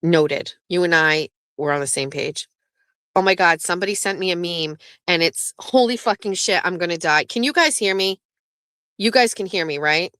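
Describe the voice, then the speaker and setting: A woman's voice: fairly low pitch, moderate pace, fairly bright tone, clear, resonant tone, dry recording. A woman hosting a casual live stream, chatting loosely, swearing freely and reading viewer messages aloud. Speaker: livestream host.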